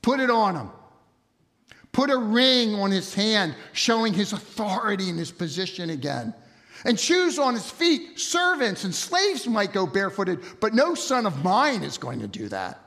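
Male preacher, high voice, gravelly edge, animated storytelling, rhetorical questions, sermon. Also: a little slow. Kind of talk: expository sermon. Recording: long hall reverb.

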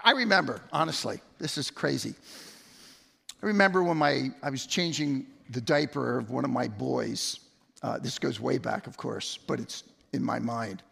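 In a church sanctuary, a middle-aged pastor with a mid-range, gravelly, fairly bright voice and a breathy edge gives a conversational sermon. He often repeats words and tells stories, and the recording has long hall reverb.

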